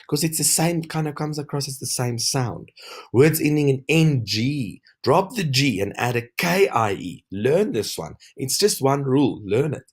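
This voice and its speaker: A man teaching a recorded grammar lesson, explaining rules step by step and stressing each example word. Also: lowish voice.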